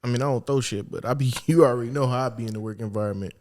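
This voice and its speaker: A man's voice: mid-range voice, very fast, darkish tone. A man co-hosting a podcast, chatting in a laid-back way and joking about himself. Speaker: podcast co-host. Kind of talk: casual chat.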